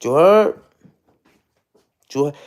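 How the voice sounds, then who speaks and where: A man's voice: a little high, lively intonation, slow pace. A man streaming live, ranting and taunting in a casual way and repeating "you heard?" over and over. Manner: taunting, repetitive, peppers lines with "you heard?".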